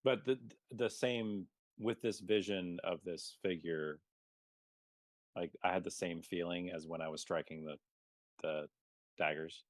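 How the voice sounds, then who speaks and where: A man playing a tabletop game, speaking hesitantly and haltingly with restarts. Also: low voice, fairly even intonation, no room sound. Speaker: player. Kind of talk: tabletop role-play.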